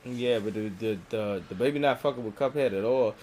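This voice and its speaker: A podcast co-host reviews a cartoon in casual chat, laid-back and profane as he retells scenes in detail. His mid-range voice is brisk and darkish, with a little hiss or hum on the recording.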